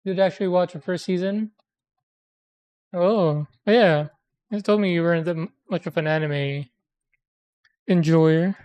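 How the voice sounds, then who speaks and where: A woman's voice: lowish voice, measured pace, pauses often, dark tone, lo-fi sound. Rambling, hesitant woman chatting. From immigrant to America. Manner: rambling, hesitant, self-correcting. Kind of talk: casual chat.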